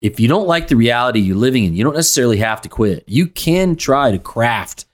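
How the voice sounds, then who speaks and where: A man co-hosting a podcast and coaching a sales team, talking in a relaxed, reflective way with frequent "um"s. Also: medium pitch, fairly quick. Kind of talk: casual podcast chat.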